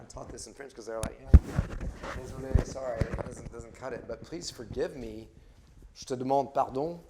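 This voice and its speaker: Man teaching a class, questioning the group. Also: medium pitch. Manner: conversational, asks the group questions, often restarts phrases. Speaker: Bible study teacher.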